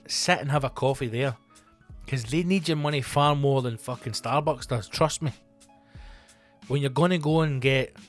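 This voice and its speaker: A Scottish man, a comedian hosting his own podcast, talking casually in a profane, rambling monologue full of fillers and asides. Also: medium pitch.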